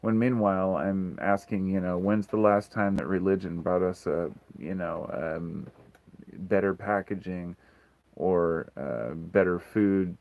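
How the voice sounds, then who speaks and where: A man's voice: low-pitched, fairly even intonation, measured pace, highs cut off. A man hosting a casual livestream Q&A, talking frankly and rambling, swearing freely. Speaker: livestream host.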